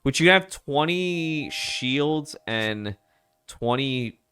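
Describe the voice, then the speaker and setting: A man's voice: medium pitch, lively intonation, extremely slow, bright, forceful tone, clear, resonant tone. A man casually commenting and chuckling while streaming a video game. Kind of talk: let's play commentary.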